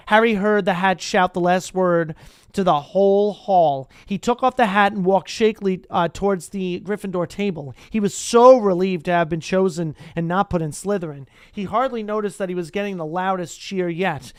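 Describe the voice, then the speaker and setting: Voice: medium pitch, moderate pace, smooth, dry recording, clean studio sound. A streamer reading a book aloud to a live chat, stumbling and breaking off for casual asides. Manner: chatty asides, stumbles and restarts.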